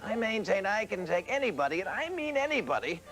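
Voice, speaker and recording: A pompous posh professor. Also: male voice, sits high, sing-song, brisk, a bit bright, soft background music, low-quality recording. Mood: grandiose. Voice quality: plummy mid-Atlantic posh accent. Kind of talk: parody sketch acting.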